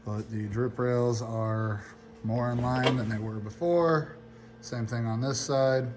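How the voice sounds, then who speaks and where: A hoarse young man filming on his phone in a garage, casually explaining his work step by step and swearing now and then. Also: mid-range voice, steady tone, slow, noisy background. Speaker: car builder explaining his project. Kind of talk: casual how-to narration.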